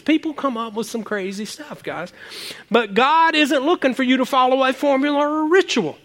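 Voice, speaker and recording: A high-voiced male pastor delivers a lively sermon. He teases his listeners in a casual way and climbs to excited, emphatic peaks. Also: normal speed. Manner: casual and joking with the congregation.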